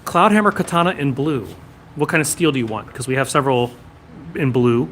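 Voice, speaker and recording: A man's voice: medium pitch, expressive, a little fast, fairly bright tone, a little hiss or hum. A man hosting a casual live stream from a sword shop, reading viewer comments and answering them one after another.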